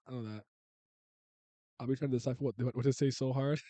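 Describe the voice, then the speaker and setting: A man's voice: medium pitch, steady tone, quick pace, a little mellow, no echo. Rambling man in his thirties. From Canada. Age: 30s. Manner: rambling, restarts and laughs, uses slang. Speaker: streamer. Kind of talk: casual chat with viewers.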